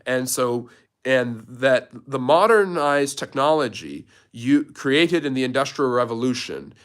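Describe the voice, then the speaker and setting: A man of ordinary pitch hosts a live history question-and-answer stream. He walks through events one link at a time, telling them as a story to answer a viewer's question. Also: fairly bright tone. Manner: storytelling, building a step-by-step chain of events. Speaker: history channel host.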